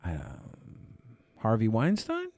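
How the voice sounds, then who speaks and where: A man's voice: on the low side, wildly swooping pitch, a little slow, darkish tone, no room sound. A man co-hosting a podcast, talking casually in a profane, sarcastic and mocking way. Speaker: podcast co-host. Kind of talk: casual commentary chat.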